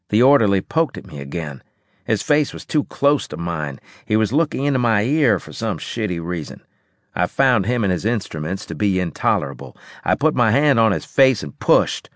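A male narrator reading a first-person audiobook chapter in a lowish voice with lively pitch. His delivery is dry and measured, and the recording is close and dry with no room sound. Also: no room sound.

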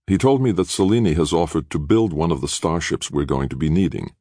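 A man reading an audiobook, voicing a steady, reserved male leader in a calm, measured manner. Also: rumbling low, slightly rough, no room sound, clean studio sound. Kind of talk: audiobook character voice.

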